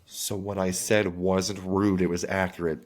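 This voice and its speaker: Low-voiced male podcast co-host; casual, crude, animated storyteller. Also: a little slow. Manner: animated, crude storytelling with excited jumps in pitch. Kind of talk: casual chat.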